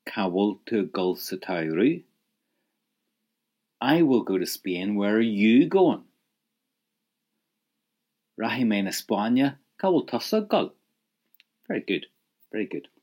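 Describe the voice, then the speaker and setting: Husky, lively male teacher. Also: fairly low pitch, a little slow, long pauses. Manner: encouraging, prompts listener to repeat phrases. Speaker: Irish language teacher. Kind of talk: audio language lesson.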